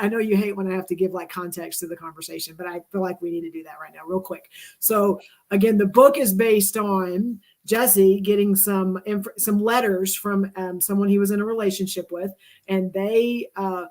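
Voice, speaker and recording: Woman co-host, mid-pitch, casual rambling explainer on a livestream. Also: darkish tone. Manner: explains with many fillers and restarts, agreeing often.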